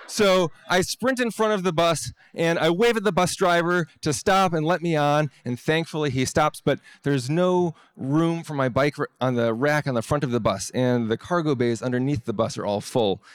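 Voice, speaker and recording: A man's voice: medium pitch, no room sound. Guy telling a funny story about himself, wry, stumbles and restarts a lot, dry close sound. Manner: wry, self-deprecating, with halting restarts. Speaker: storyteller, scientist. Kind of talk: personal story told to an audience.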